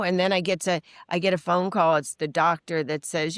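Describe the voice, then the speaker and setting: Middle-aged woman on a podcast, lowish voice, dry close sound, acts out voices when she tells stories. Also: a little fast, hardly any pauses, no echo. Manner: animated storytelling, acting out quoted voices; frank, uses casual swearing. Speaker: guest, recovery mentor and author. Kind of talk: candid interview conversation.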